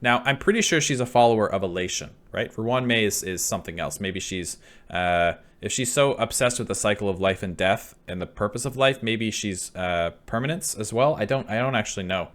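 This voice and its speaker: A man's voice: fairly low pitch, brisk, fairly bright tone. A man reacting to game trailers, rambling and swearing as he theorizes. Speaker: reaction video host. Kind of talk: casual reaction commentary.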